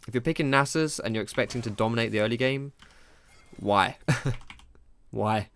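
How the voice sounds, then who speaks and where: A man's voice: medium pitch, normal speed, fairly bright tone. A young man commentating his own gameplay live, self-critical and rambling, with casual slang and swearing. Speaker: gaming streamer.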